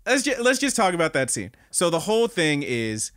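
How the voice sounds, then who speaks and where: A young man co-hosting a casual anime podcast, excitedly retelling scenes with laughter and swearing. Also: fairly high pitch, moderate pace, dry recording, clean studio sound. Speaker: podcast co-host.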